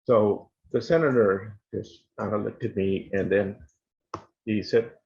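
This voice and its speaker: Older male panelist, deliberate and low, recounting a story on a lo-fi broadcast. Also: fairly even intonation, vocal fry, a little mellow. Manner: slow, measured storytelling with quoted dialogue.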